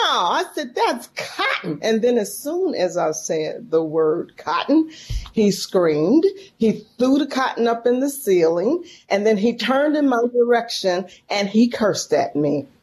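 A woman from San Francisco, a guest in an interview, telling a story in a folksy, animated and emotional way. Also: on the high side, unhurried, slight background noise. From San Francisco, California. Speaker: podcast guest, professor.

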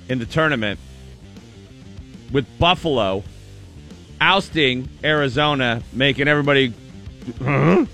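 A man hosting a morning radio show, reading the sports news in a relaxed, chatty way with many pauses. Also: mid-range voice, faint music behind. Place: radio studio.

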